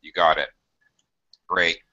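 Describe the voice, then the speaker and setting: A man teaching an English grammar lesson, explaining slowly and patiently with frequent fillers. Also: low-pitched, flat delivery, pushed and bright. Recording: dull lo-fi audio.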